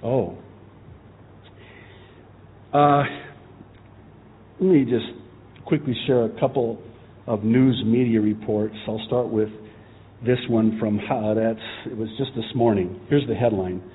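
A middle-aged man preaching a sermon as pastor, impassioned and at times rising to shouting. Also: fairly low pitch, slow, long pauses, husky. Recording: tinny phone-like sound.

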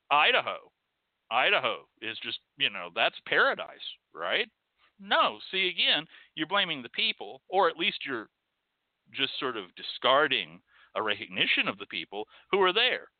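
A Texan man who hosts a show rants sarcastically in a mid-range voice, swearing often and staying profane and animated throughout his monologue. The recording is dry and has a tinny, phone-like quality.

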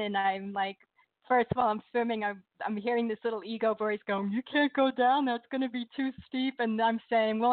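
A woman phoning in to a radio show, telling a story in a bubbly, animated way and laughing often. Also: a little high, dry recording. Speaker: caller. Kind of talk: excited phone-in storytelling. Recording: tinny phone line.

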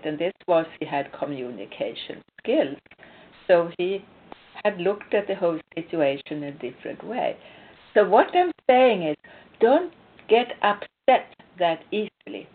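A woman from Sweden, a spiritual coach, giving casual relationship advice through personal stories, emphatic with hesitant restarts. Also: on the low side. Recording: tinny phone-like sound.

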